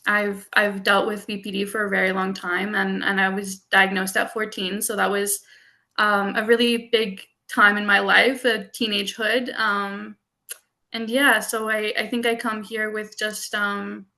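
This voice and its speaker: A young woman on a discussion panel, hesitantly introducing herself with many pauses and "um"s. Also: mid-range voice, flat delivery, bright, forceful tone. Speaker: panel guest. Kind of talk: sharing personal story on a panel.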